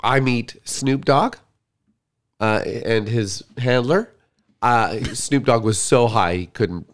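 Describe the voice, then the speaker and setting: A man's voice: mid-range voice, takes it slowly. A middle-aged man, a comedian, telling a story casually and acting out the quotes. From Canada. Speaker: comedian guest.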